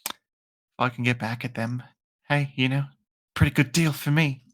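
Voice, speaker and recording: A woman's voice: rumbling low, steady tone, moderate pace. A woman playing a tabletop game, speaking in a wry, offhand way. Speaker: player. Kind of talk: casual game chat.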